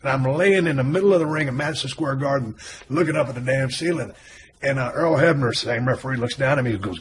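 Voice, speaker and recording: A man's voice: medium pitch, fast. A man hosting an interview, a former wrestler telling stories in an easygoing, chatty way. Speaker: podcast host and former wrestler. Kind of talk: casual interview chat.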